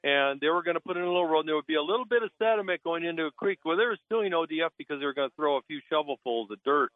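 A man's voice: on the high side, lively intonation, racing, no echo. A man calling in as a guest on a radio talk show, blunt and indignant, talking over a phone line. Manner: indignant, blunt, mocks officials in put-on voices. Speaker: naturalist guest.

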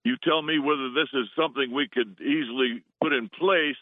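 A male radio caller with a rambling, hesitant manner and a middle-pitched voice. He comes through a thin, phone-like line that sounds dry. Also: brisk, dry recording. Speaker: regular caller. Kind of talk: casual call-in talk.

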